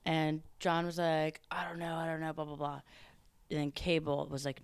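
A woman with a low, smooth and clear voice tells a story in an easy, rambling chat. She fills her sentences with "like" and slips into quick impressions of the people in the story. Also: dry recording. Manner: chatty, peppered with "like", acts out others' lines. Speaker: podcast guest recounting a story.

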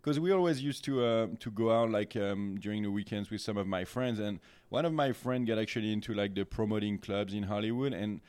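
Rambling low-voiced man, smooth and dry. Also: fairly quick, hardly any pauses, a little mellow, no room sound. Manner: rambling, many fillers. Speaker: guest. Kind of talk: casual chat.

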